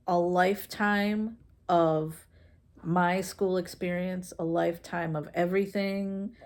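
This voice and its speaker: Slow, gravelly-voiced mom telling a story. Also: female voice, sits low, darkish tone. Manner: slow, halting, with many fillers and restarts; frank and conversational. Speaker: mom vlogger. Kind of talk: casual personal storytelling.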